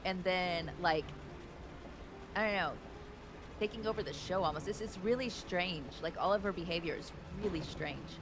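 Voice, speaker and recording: A woman's voice: fairly low pitch, moderate pace, background noise. A woman chatting casually with her livestream viewers while she plays, greeting them by name. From United States. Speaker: streamer. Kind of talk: casual gaming livestream chat.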